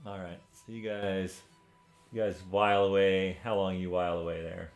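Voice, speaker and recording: A man's voice: sits low, level tone, normal speed, faint music behind. A man narrating as game master in a casual way, with many fillers. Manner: casual, filler-heavy, laughing.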